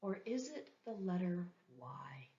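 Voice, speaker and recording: This grammar teacher has a lowish, dark voice with big pitch swings and talks a little slowly. She works carefully through an English lesson, repeating example words so learners can follow. The sound is dull and lo-fi.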